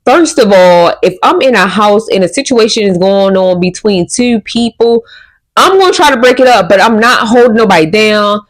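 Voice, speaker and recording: Woman reaction host, opinionated asides, middle pitch, casual. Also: expressive, moderate pace, poor audio. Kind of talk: reaction commentary.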